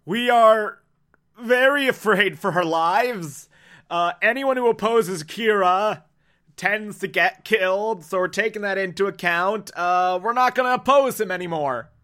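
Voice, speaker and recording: A man putting on a timid, halting head of state. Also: high-pitched, bright, forceful tone. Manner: halting, full of fillers. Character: hesitant, frightened male head of state.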